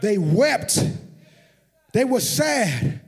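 A senior pastor, a man, preaches a sermon in a church sanctuary with a strikingly high-pitched voice. He slides into shouted and half-sung cadences and calls out to the congregation. The sound rings with the long reverb of a large hall. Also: sing-song, extremely slow, breathy edge.

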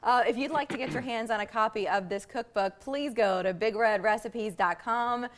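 Woman news anchor, upbeat, clear host delivery, studio interview. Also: fairly high pitch, moderate pace. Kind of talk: TV interview hosting.

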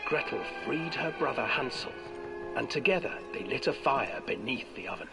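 A man narrating a dark fairy tale in a slow, theatrical storytelling voice. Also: mid-range voice, lively intonation, creaky. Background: music.

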